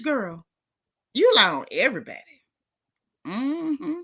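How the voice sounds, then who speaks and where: A woman's voice: medium pitch, sing-song, a little slow, pauses often, a bit bright. A woman hosting a gossip vlog, talking straight to her viewers in sassy, teasing, slangy casual speech. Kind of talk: casual celebrity gossip commentary.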